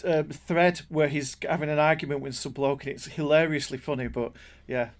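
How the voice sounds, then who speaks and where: Male co-host from Britain, somewhat high voice, casual, stammering restarts, wry and self-deprecating. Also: steady tone, moderate pace. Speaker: cartoonist and podcast co-host. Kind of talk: casual podcast chat.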